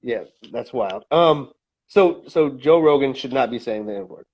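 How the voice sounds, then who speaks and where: A man's voice: medium pitch, expressive, measured pace, a little mellow, dull audio. Opinionated man rambling on a podcast. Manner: opinionated, rambling with many fillers and restarts. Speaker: podcast co-host. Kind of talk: casual opinion chat.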